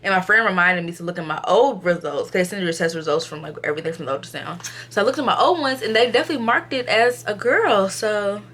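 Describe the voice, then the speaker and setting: Chatty young woman retelling her day. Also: fast talker. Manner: animated retelling, acts out others' quotes, filler-heavy; subdued, low energy at times. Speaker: vlogger. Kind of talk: casual storytelling to camera.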